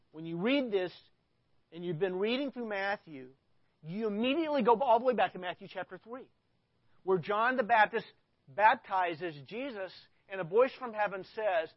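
A man's voice: high-pitched, no echo, lo-fi sound. A man preaching a sermon as a pastor, talking casually and reading scripture aloud with rising emphasis. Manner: conversational, reads scripture with emphasis.

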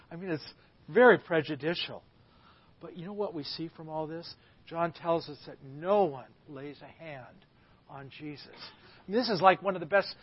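A man's voice: sits high, no echo. A man as a guest preacher delivering a sermon, telling the story with dramatic emphasis. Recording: slightly muffled dry recording.

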